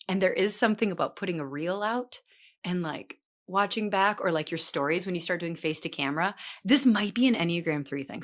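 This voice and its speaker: A woman's voice: lowish voice, a bit bright. Chatty rambling woman in her late thirties. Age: late 30s. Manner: rambling, talkative, full of filler words. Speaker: podcast host. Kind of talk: casual chatty monologue.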